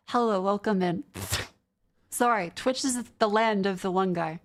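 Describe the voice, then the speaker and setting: Chatty Australian woman streamer. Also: mid-range voice. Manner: chatty, quick restarts, reading chat aloud. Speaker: vtuber streamer. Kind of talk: casual stream chat reading comments.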